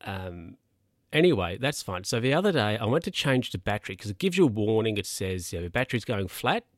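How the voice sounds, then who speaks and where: Rambling chatty man with a low voice. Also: very animated, brisk, no room sound, studio quality. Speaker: vlogger. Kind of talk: casual storytelling to camera.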